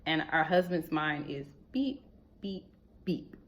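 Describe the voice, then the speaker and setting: A young adult woman giving casual marriage advice to wives, lively and preachy, leaning on rhetorical questions and emphatic repetition. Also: low voice, slow pace.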